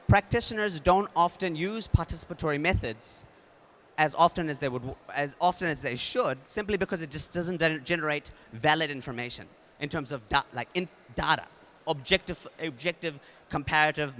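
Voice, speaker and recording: A man with a New Zealand accent speaking at a conference, casual and energetic, with many fillers and restarts. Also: on the high side. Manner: energetic, leads the audience in a game. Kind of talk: conference talk.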